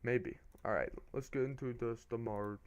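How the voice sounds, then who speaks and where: A young man streaming a racing game, giving casual play-by-play commentary that turns excitable on restarts. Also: medium pitch, moderate pace, dull audio. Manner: excitable, rises to shouting on restarts.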